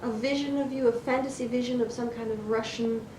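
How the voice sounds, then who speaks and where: Woman, interviewer, soft-spoken, higher voice, roomy, noisy rumble. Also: fairly even intonation, a little fast. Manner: soft-spoken, probing questions. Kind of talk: conversational interview.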